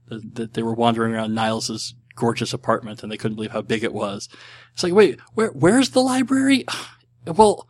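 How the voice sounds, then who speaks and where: A man from Texas hosting a podcast, talking casually and rambling through listener questions with frequent ums and self-deprecating asides. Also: medium pitch.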